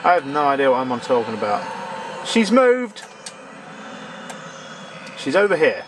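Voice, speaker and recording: A man's voice: medium pitch, lively intonation, fast talker, noisy background. A man commentating a horror game, sarcastic and shrieking when startled. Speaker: let's play gamer.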